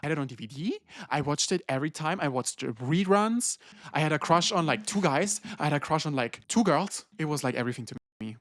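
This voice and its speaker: A man's voice: on the high side, lively intonation, quick pace, fairly bright tone, dry recording, studio quality. Rambling young man. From Germany. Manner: rambling, filler-heavy, swears casually. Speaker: podcast co-host. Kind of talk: casual chat.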